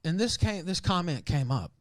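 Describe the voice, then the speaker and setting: A man's voice: high-pitched, big pitch swings, normal speed, no echo, studio quality. A man telling a story in a rambling way, often breaking into laughter mid-sentence. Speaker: streamer in a played clip.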